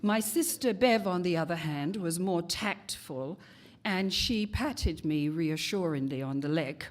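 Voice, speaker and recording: A woman in her sixties from England, giving a homily as a congregation member, telling a personal story in a slow, measured way. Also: lowish voice, animated. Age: 60s.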